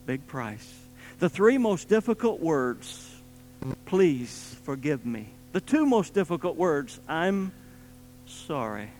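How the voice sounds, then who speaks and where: A man preaching a sermon with emphatic delivery, swinging between loud stressed points and quiet low asides. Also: very animated, slow, soft background music, low-quality recording.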